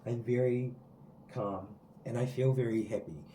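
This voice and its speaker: A man's voice: mid-range voice, steady tone, a little slow, warm tone, roomy sound, a little hiss or hum, poor audio. A man giving a spiritual tarot reading to his viewers from outdoors, talking in an earnest, rambling way full of likes and ums. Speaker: tarot card reader. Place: sitting outdoors.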